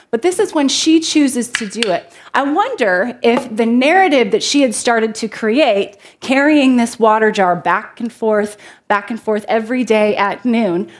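A woman preaching a sermon to a congregation, reading scripture and talking in a conversational way that jokes with the listeners. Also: a little high. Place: church before a congregation.

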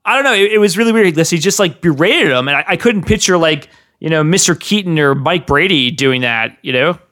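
Male co-host, slightly high, bright and sharp voice, wry joker. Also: animated, fairly quick. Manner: reads from his notes, wry and joking. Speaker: podcast co-host. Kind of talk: casual chat.

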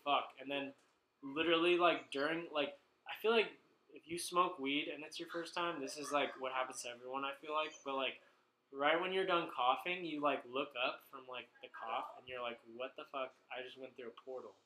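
A man's voice: on the high side, normal speed, bright, forceful tone, a little hiss or hum. Rambling young-sounding man in an echoey room. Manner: rambling, fills nearly every phrase with "like", swears freely. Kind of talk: casual storytelling chat.

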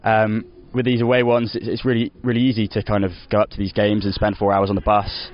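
A man's voice: fairly low pitch, monotone, fast, muffled recording, slight background noise. A young man, a footballer, chatting in an interview, rambling with lots of "you know" and restarts. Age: young adult. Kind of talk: casual post-match interview.

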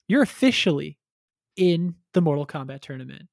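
High-voiced man telling a story casually. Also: brisk, no room sound, clean studio sound. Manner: animated storytelling, acts out characters with crude humor. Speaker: podcast co-host retelling a game story. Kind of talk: casual chat.

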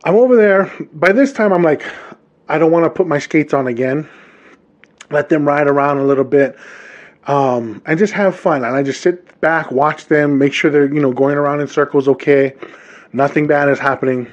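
Animated Hawaii-raised podcast man. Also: a little high, moderate pace, muffled recording. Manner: animated, talks straight to listeners. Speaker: podcast host. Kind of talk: casual monologue.

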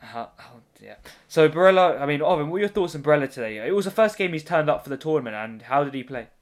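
A man's voice: fairly high pitch, lively intonation, fast. A man hosting a casual football podcast, joking and rambling as he leads the chat. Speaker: podcast host.

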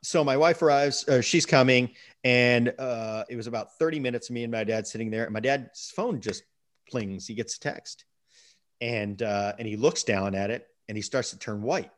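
A middle-aged man telling a long personal story in a casual interview, animated and repeating words as he gets going. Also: mid-range voice, moderate pace. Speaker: guest.

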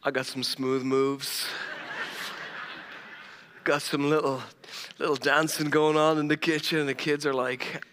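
A middle-aged Irish pastor preaches with a high, bright, forceful voice, mixing humor and self-mocking stories into his sermon. His voice rings with the long reverb of a large church hall, picked up by a stage mic. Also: little pitch movement, a little slow, long pauses. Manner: humorous storytelling, laughing at himself. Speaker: lead pastor.

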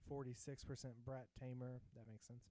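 A man co-hosting a podcast, chatting casually in a rambling, halting way as he reads out a list of results. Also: mid-range voice, flat delivery, dark tone, dry recording, rough recording. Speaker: podcast co-host. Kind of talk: casual chat.

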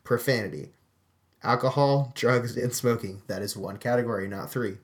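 A podcast co-host in casual movie-review chat, animated and quick to laugh, with dry asides. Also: mid-range voice.

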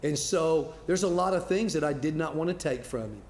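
A middle-aged male pastor preaching in an echoey church hall with faint noise behind him. His voice sits a little high, and he keeps a loose, conversational preaching manner. He repeats words as he goes and acts out the people he quotes. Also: brisk, darkish tone. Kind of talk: sermon. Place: church sanctuary.

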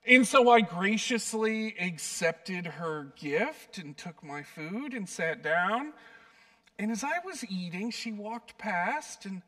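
A pastor with a drawl preaches slowly in a high, bright voice. He tells personal stories with a light, self-deprecating wit. The recording picks him up from a little way back from the mic. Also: expressive, far from the mic. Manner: warm storytelling, light self-deprecating humor.

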